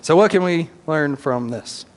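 A male pastor preaching a sermon as animated storytelling with casual slang. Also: fairly high pitch, unhurried, big-room sound.

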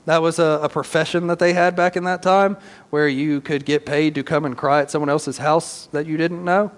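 A male pastor preaching a sermon as animated storytelling with casual slang. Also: a little high, moderate pace, long reverb tail.

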